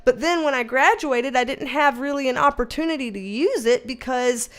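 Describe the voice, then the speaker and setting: A woman in her thirties from the American South with a light Southern accent, chatting casually on a livestream, animated, swearing and laughing as she tells stories. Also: high voice, normal speed. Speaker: livestream host.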